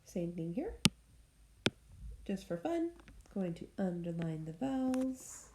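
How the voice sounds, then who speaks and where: A woman teacher leading a recorded phonics lesson for young students, speaking slowly and clearly and cheering them on as she sounds out words. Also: fairly low pitch, sing-song. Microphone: tablet screen recording. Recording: echoey room with faint noise.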